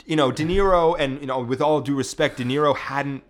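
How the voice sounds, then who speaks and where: Man riffing deadpan comedy banter. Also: medium pitch, fairly quick. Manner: deadpan, tells tall tales with put-on quotes. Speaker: comedy podcast co-host.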